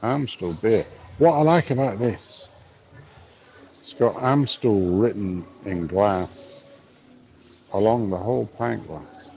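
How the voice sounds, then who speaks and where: A man's voice: on the low side, takes it slowly, mellow, highs cut off. A man in his fifties, live streaming from a bar on his phone, chatting wryly and reading chat messages aloud. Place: bar, drinking a pint.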